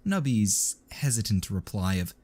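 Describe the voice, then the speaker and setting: A man narrating a written story in a steady, measured reading. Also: lowish voice, husky. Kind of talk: scripted narration.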